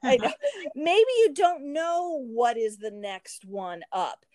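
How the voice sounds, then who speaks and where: A woman co-hosting a podcast, chatting casually in an animated way, laughing often and filling her speech with "you know" and "um". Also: high voice, takes it slowly, over a noisy crowd. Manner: animated, laughing, many fillers. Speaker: podcast co-host. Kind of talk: casual chat.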